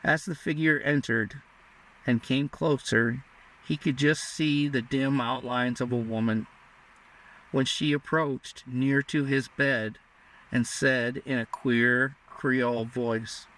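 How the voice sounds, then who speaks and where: A man narrating an audiobook in a measured, even reading manner. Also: mid-range voice. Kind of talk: scripted narration. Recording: distant mic.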